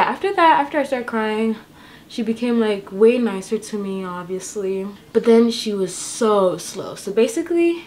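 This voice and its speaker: Getting ready in an apartment, a young woman vlogs casually to camera, telling a lengthy, filler-heavy story in a mid-range voice. A little hiss or hum can be heard in the recording.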